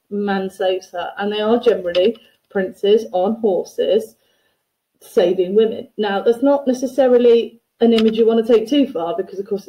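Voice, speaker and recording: A woman's voice: mid-range voice, dark tone, slight background noise, poor audio. A woman teacher giving a recorded lesson that analyses a poem for students, reading quotations aloud and unpacking them in a conversational, explanatory way.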